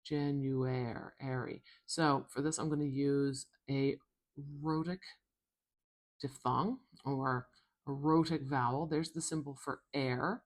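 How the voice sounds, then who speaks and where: Low, slow woman teacher, carefully demonstrating speech sounds. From Canada. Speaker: phonetics teacher. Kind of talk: slow instructional explanation.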